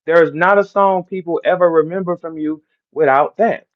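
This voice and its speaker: A man's voice: on the high side, normal speed, lo-fi sound. A man from St. Louis with a St. Louis accent, boasting and trash-talking in a brash, repetitive live-stream rant. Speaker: battle rapper hosting a live audio room.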